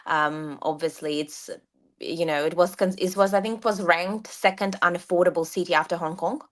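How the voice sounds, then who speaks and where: A woman from Ukraine, a guest on a podcast interview, speaking in a measured way and sometimes dropping articles. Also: lowish voice. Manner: measured, drops articles at times. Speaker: guest, success coach.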